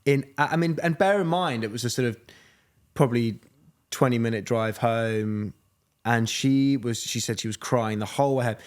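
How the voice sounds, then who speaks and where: A man's voice: medium pitch, moderate pace. A man in his thirties, a podcast co-host, chatting casually and telling a story with frequent laughs. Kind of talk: casual chat.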